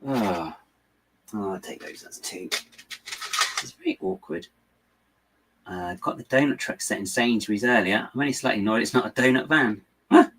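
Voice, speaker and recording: A man's voice: mid-range voice, animated, moderate pace, long pauses, a bit bright, a little hiss or hum. A young man hosting a livestream, chatting in a rambling, self-amused way to viewers while building at home. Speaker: livestream host building LEGO. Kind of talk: casual chat while building.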